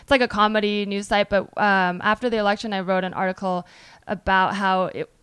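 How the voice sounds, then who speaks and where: A woman's voice: medium pitch, fairly even intonation, brisk, a bit bright, clear, resonant tone, no room sound. A young adult woman hosting a podcast, chatting casually and acting out quoted back-and-forths as she tells a story. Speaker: podcast host.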